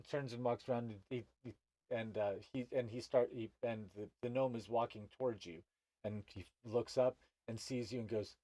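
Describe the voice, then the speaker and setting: A man running a tabletop game as game master, narrating in a halting way with many restarts. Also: fairly low pitch, steady tone, mellow, no echo.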